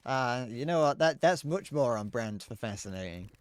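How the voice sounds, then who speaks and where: While streaming a game, a man with a medium-pitched, animated voice chats casually at normal speed, rambling, swearing and stammering through restarts. The sound is smooth.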